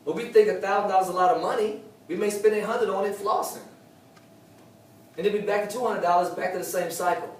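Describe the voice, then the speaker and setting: A man giving a motivational talk at a sales meeting, preachy, repeating his key lines for emphasis. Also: sits high. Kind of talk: live motivational talk to a room. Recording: distant echoey room with faint noise.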